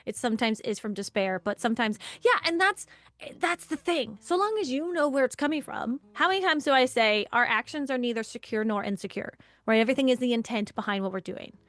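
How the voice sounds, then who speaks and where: High-pitched and brisk, with no echo in the recording, a workshop leader runs a live online session. She keeps things casual and conversational, tossing in chatty asides and animatedly voicing the lines she quotes.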